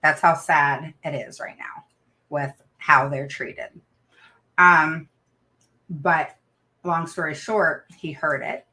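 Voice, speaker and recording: This middle-aged autism parent advocate talks casually with her livestream audience, recounting family stories with frequent laughter. Her voice is deep and has a sharp edge.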